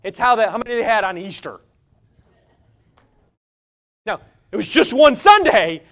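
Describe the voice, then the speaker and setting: A man preaching from the pulpit in a notably high voice. He drives his points hard and loud, then drops almost to a murmur for emphasis, with a fast, restless delivery. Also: sing-song. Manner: swings from loud exhortation to hushed intensity. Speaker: pastor. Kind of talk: sermon.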